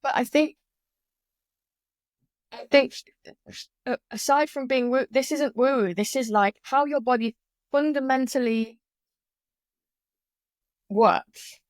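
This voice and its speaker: A woman talking as a guest on a podcast. She explains things in an animated, candid way and swears casually. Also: sits high, slow pace, long pauses, no room sound, studio quality. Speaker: guest, yoga teacher. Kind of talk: conversational podcast interview.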